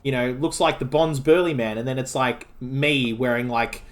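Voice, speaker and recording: A man's voice: medium pitch, steady tone, moderate pace. A man with an Australian accent streaming a video game, chatting casually and rambling with lots of filler words and restarts. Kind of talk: casual chat while playing a game.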